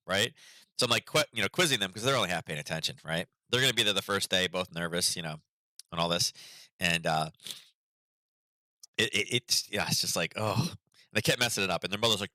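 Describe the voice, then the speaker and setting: Low-pitched guy rambling on a market stream, sharp bright tone, dry sound. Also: fast talker, dry recording. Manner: rambling, chatty storytelling with many fillers. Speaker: market analysis host. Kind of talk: casual livestream chat.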